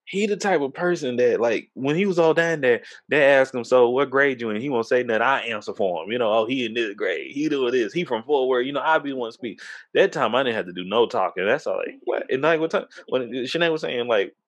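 A man spins a wild story in relaxed chat. His voice swings widely in pitch, and he often breaks into laughter and emphatic outbursts. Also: fairly quick. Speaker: storyteller recounting a party. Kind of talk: casual chat.

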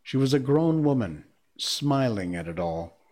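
A man reading a storybook aloud as narrator, measured and expressive. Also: mid-range voice.

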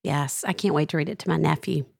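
Supportive woman podcast co-host with a fry-tinged voice. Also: low-pitched, steady tone, fast, no echo, studio quality. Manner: affirming, supportive. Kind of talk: podcast interview.

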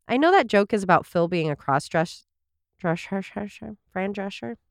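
Giggly woman recapping, lively voice. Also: mid-range voice, takes it slowly, no echo, studio quality. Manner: laughs often, reads summaries aloud and trips over words. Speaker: podcast co-host. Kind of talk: casual chat recapping a sitcom episode.

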